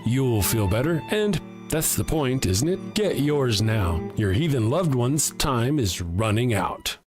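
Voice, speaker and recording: A man's voice: medium pitch, very animated, takes it slowly. A man playing a slick parody ad announcer. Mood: salesy. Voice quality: smooth salesy delivery. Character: slick male ad announcer selling baptism kits. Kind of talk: parody commercial voice-over. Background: music.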